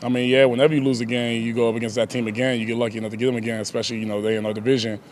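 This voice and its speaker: A man's voice: medium pitch, level tone, rapid-fire. A young man, a pro football player, answering press questions casually, laughing often and leaning on "like" and "you know".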